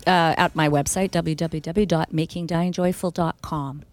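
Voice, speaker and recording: A woman author talking as a guest in a casual interview, warm and storytelling. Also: low-pitched, fairly even intonation, moderate pace, dry recording, soft background music.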